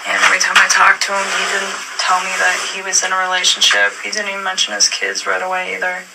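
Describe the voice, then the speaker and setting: A woman's voice: mid-range voice, monotone, fast talker, vocal fry. A woman answering questions in a police interview room, telling her story hesitantly with many fillers and restarts. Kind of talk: police interview, recounting events. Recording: distant room recording with faint noise.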